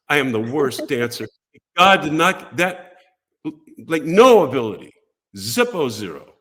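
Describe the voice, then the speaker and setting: An older man tells a long story as a talk show guest, his pitch rising and falling a great deal. He slips into the voices of the people he quotes, keeping the telling animated and theatrical. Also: a little fast. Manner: lively, acts out voices and quotes in his stories.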